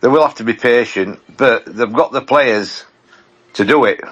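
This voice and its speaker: A man, a podcast regular, talking plainly in halting casual chat with many restarts. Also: mid-range voice, a bit bright, dull audio. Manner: plain-spoken, halting, repeats himself.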